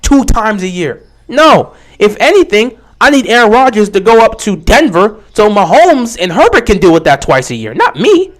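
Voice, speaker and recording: A young man casually commenting on a football game during a livestream, answering viewers' questions with animated talk. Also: high-pitched, normal speed, few pauses. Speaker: livestream host.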